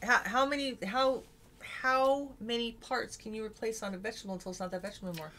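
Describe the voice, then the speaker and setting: A woman's voice: fairly high pitch, fairly even intonation, quick pace, bright, forceful tone. A middle-aged woman hosting a casual live stream, talking earnestly and sometimes searching for words. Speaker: host.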